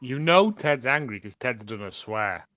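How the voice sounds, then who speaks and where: A man co-hosting a podcast, speaking slowly and thoughtfully with a bright, sharp tone. The audio sounds a little dull and lo-fi but dry. He drops in dry quips between reflections. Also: mid-range voice, lively intonation, dry recording. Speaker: podcast co-host. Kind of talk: casual chat.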